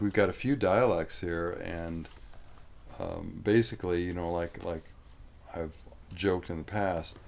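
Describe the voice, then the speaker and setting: A man's voice: low-pitched, a little mellow. A man in casual conversation, rambling in a folksy way and often saying "man".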